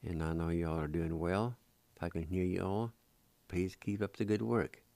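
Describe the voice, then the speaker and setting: A man's voice: low voice, fairly even intonation, moderate pace, vocal fry, a little mellow, no room sound. A man hosting a radio language lesson, spelling out words letter by letter and sounding them out syllable by syllable. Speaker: Cherokee language teacher and radio host.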